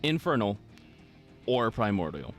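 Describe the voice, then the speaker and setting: Male dungeon master, lively pitch, patient rules explainer, faint music behind. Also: a little slow. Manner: rules-focused, explanatory, laughs easily. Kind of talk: running a live tabletop game.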